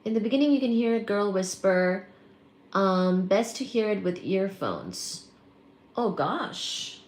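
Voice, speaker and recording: A woman hosting a casual live stream who talks at an unhurried, drawn-out pace. She chats warmly and calls out to viewers by name with bursts of excitement. Her voice sits at a middle pitch in an echoey room. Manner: chatty, greets viewers by name with excited exclamations. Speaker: livestream host.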